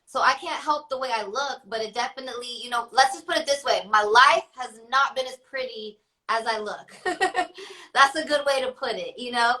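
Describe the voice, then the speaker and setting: A woman's voice: fairly high pitch, normal speed, bright, forceful tone, low-quality recording. A young woman rapper chatting as an interview guest, laughing often and filling her talk with "like". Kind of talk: casual interview.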